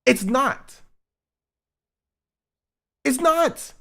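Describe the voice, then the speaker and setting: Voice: mid-range voice, lively intonation, moderate pace. Heated, profane streamer lecturing chat. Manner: lecturing, repetitive, profane, punchy. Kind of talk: heated livestream rant at chat.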